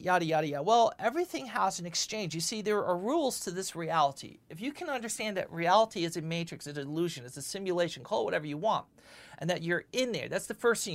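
A woman giving a spiritual lecture and answering questions, talking with lots of repeated words and frequent "okay?" checks. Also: medium pitch. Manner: animated, repeats words, often asks "okay?". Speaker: spiritual teacher.

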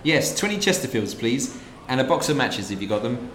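A man's voice: mid-range voice, sing-song, fairly quick, fairly bright tone, soft background music. A man voicing a breezy, polite middle-aged newcomer in a comedy sketch. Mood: friendly. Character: friendly middle-aged man newly arrived from London. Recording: roomy room sound.

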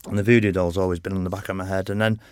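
A man's voice: sits low, level tone, rapid-fire, a little mellow, dry recording. A middle-aged man, a podcast guest telling rambling stories in a casual way, swearing freely and laughing often. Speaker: podcast guest, motorcycle racer. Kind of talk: casual interview chat.

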